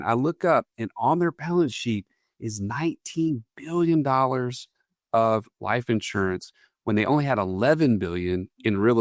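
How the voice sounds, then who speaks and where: An upbeat male co-host who jokes lightly and then lays out his points one at a time. His voice sits at an ordinary middle pitch. The sound is dry and close to the mic. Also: no echo. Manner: upbeat, joking, builds points step by step. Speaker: podcast co-host. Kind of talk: podcast talk on finance.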